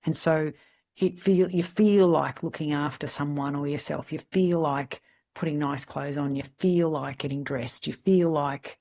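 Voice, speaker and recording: A middle-aged woman with an Australian accent, a podcast host telling candid, lively stories in casual chat. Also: low voice, measured pace, vocal fry. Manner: lively, candid anecdotal storyteller. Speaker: podcast host, salon mentor.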